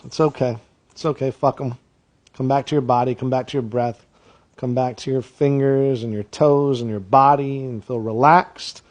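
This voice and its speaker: Profane, playful male meditation host. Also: mid-range voice. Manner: loud and animated at the start, softer and slower once the meditation begins. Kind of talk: comedic guided meditation.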